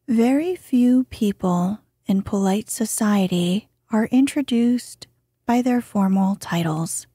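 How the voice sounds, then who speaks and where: A woman narrating a bedtime story in a soft, hushed voice that at times drops to a whisper. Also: medium pitch, takes it slowly, husky, no echo, clean studio sound. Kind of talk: slow soothing bedtime reading.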